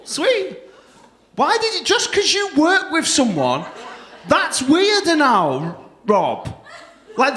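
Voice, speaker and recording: Brash, high-pitched compere. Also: male voice, fairly bright tone. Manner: brash, teasing, swearing banter with the audience. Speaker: comedy club compere. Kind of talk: crowd work at a stand-up gig. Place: comedy club stage. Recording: echoey club room.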